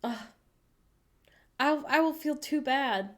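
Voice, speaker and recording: An American woman hosting a casual livestream, chatting playfully and reading viewers' messages aloud with animated, self-mocking humor. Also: sits high, slow pace. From United States. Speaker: livestream host reading chat. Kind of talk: casual chat.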